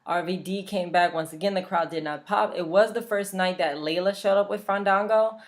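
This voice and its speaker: A woman's voice: mid-range voice, steady tone, normal speed. A young woman from Louisiana, chatting casually and bluntly, swearing freely as a vlogger. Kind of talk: casual chat.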